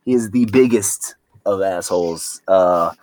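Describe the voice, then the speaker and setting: A man with a lowish voice talks as a guest on a relaxed podcast. He sounds earnest and reflective, rushing some phrases and drawing out others as his thoughts form. The sound is dry, with no room echo. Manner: earnest, reflective, speeds up and slows down mid-thought. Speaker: actor and filmmaker guest. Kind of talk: casual podcast interview.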